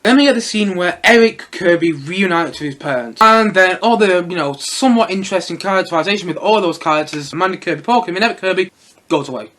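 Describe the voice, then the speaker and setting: A man's voice: high voice, quick pace, fairly bright tone. A young man giving a casual solo film review, chatty and rambling with lots of fillers and little laughs.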